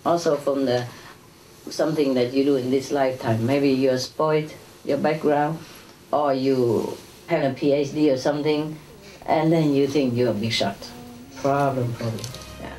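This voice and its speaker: A woman's voice: extremely low pitch, steady tone, normal speed, warm tone, soft background music. A woman giving an informal spiritual lecture to an audience, talking conversationally with chuckles and tag questions like "you know". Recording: echoey hall, distant mic, faint noise.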